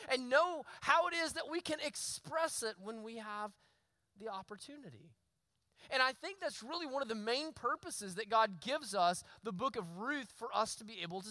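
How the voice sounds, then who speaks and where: A man, preaching a sermon and telling a story with lively, sometimes shouted asides. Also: very high voice, no room sound, poor audio. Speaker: pastor.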